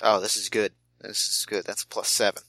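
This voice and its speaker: A man playing a tabletop game, bantering playfully and quickly. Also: fairly low pitch, little pitch movement, gravelly, pushed and bright, no room sound, poor audio. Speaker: player. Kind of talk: casual tabletop play.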